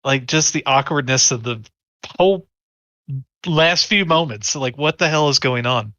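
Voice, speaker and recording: A man's voice: medium pitch, measured pace, bright, forceful tone, no echo, studio quality. A man player in a tabletop game, describing his character loosely with fillers. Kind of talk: tabletop role-play.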